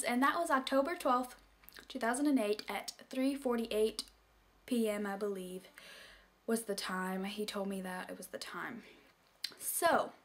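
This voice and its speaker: A young woman telling a personal story to her camera, chatty and full of filler words, dropping into soft whispers when she quotes people. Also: fairly high pitch. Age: young adult. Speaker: vlogger. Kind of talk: casual storytime vlog.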